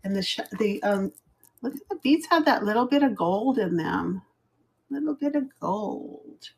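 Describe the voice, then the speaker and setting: A middle-aged woman chats through a casual live jewelry sale as host, rambling and laughing at her own fumbles. She has a mid-range voice with lively intonation at a normal speed.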